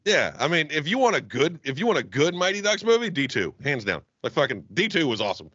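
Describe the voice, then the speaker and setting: A Southern US man co-hosts a podcast, chatting casually in a joking, profane way and laughing often. His voice is a little high, very animated, fast, pushed and bright. The recording is dry, with the highs cut off.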